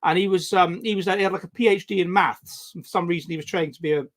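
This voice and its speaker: A man in his forties telling stories in a casual chat, halting and rambling with many restarts. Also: high voice, fairly even intonation. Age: 40s. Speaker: guest. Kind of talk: casual conversation.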